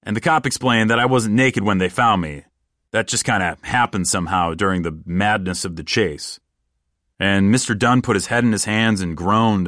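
A man tells a comic story in the first person, deadpan and rambling. His voice sits low and speaks in plain, casual words. The recording is dry, with no room echo.

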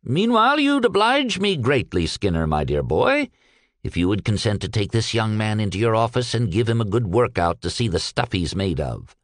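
A man's voice: fairly low pitch, big pitch swings, moderate pace, no room sound, clean studio sound, pitched above the performer's own voice. A man reading aloud and voicing a shrewd, genial retired old businessman who talks in a purring, folksy way. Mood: amiable.

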